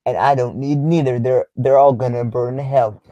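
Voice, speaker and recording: A blustering, bigoted commenter rants slowly and smugly, as a young man mocks him. The voice is slightly raised and louder than normal speech. The sound is close and dry. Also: mid-range voice, steady tone, dry recording, highs cut off, natural voice. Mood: preachy.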